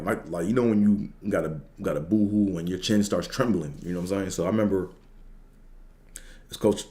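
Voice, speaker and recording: A man's voice: sits low, a little mellow. A young man hosting a podcast, telling a long personal story in a laid-back, rambling way full of slang and fillers. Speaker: podcast host. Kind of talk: casual storytelling.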